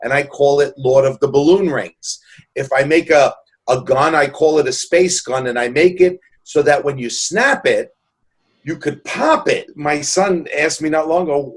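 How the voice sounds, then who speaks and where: A man's voice: on the high side, normal speed. A man in his sixties from New York City, telling stories in an interview in an earnest, joking way with many restarts. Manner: earnest, jokey, rambling with restarts. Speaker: guest. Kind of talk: casual interview storytelling.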